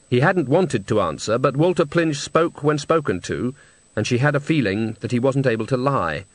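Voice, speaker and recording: Dry, measured male audiobook narrator. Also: mid-range voice, dry recording. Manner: measured, wry storytelling. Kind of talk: scripted narration. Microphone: close studio mic.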